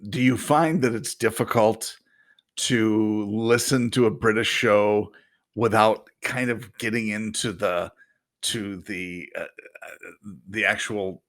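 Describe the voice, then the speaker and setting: A man's voice: lowish voice, fairly even intonation, slow pace. A man co-hosting a casual podcast, rambling through his points and laughing and teasing often. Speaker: podcast co-host.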